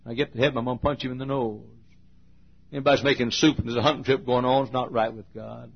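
On a muffled recording, a male revivalist preaches quickly with a husky, steady tone, ranging from booming shouts to hushed asides and sing-song chants.

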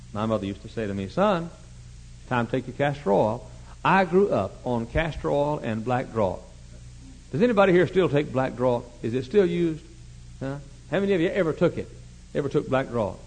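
Man, pastor preaching a sermon, husky voice, slightly high pitch, folksy storytelling, shifts from soft asides to shouts. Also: low-quality recording.

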